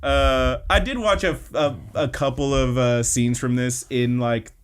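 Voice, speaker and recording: A man's voice: medium pitch, measured pace, clean tone. Male podcast co-host, loose and chatty, lots of "like" and "uh". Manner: rambling, filler-heavy retelling. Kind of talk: casual anime recap chat.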